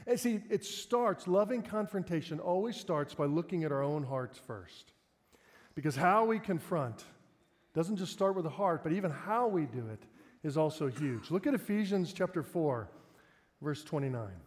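A middle-aged male pastor with a notably high voice, preaching in a relaxed, conversational way and poking fun at himself as he tells stories. His words ring out with a long reverb, as in a large church hall. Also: normal speed. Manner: conversational, self-deprecating storyteller, breaks into laughter. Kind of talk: sermon with personal storytelling.

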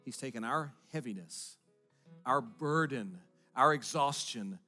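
A middle-aged man preaching a sermon in an earnest voice, moving between hushed, quiet lines and emphatic ones. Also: mid-range voice, animated, a little slow, faint music behind. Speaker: pastor.

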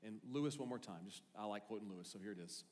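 A male pastor preaching a sermon, earnest and conversational, with animated storytelling. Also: on the low side, fast. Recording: long hall reverb, faint music.

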